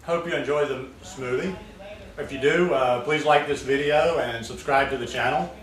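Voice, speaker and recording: A man's voice: mid-range voice, normal speed. A man chatting casually as a vlogger at his home, rambling and full of fillers. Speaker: vlogger making smoothies. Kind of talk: casual chat. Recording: roomy, distant mic, faint ambience.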